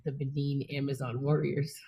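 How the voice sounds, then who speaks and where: A woman guest in a casual spiritual chat, talking gently and reflectively. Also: rumbling low, level tone, moderate pace, gravelly, slightly rough, low-quality recording.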